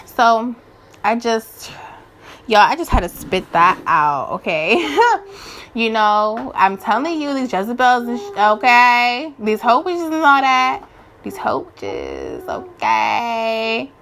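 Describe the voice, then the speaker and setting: A woman in her twenties talks straight to her viewers about spiritual awakening, animated, slangy and preachy, often restarting her sentences. Her voice is bright and sits a little high. A faint hiss runs under the recording. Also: slow pace. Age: 20s. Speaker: spiritual vlogger. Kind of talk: casual spiritual rant to viewers.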